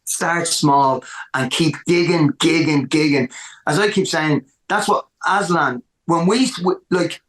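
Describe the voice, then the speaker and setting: Animated Irish musician, echoey room. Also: male voice, a little high, slow pace. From Ireland. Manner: animated, repeats words for emphasis. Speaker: musician guest. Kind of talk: casual storytelling interview.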